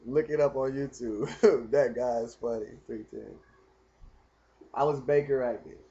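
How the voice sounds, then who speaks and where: A man telling a rambling personal story in casual, animated talk. He speaks straight to the viewer and keeps asking whether they follow. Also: medium pitch, unhurried, creaky, lo-fi sound. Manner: animated, talks straight to the viewer, keeps asking "you know what I mean". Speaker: vlogger telling his story.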